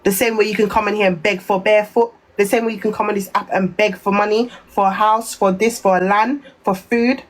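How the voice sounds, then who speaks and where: A woman's voice: medium pitch, steady tone, brisk, few pauses, low-quality recording. A woman with a Jamaican accent ranting on a phone live stream, repeating insults in a heated, cutting manner.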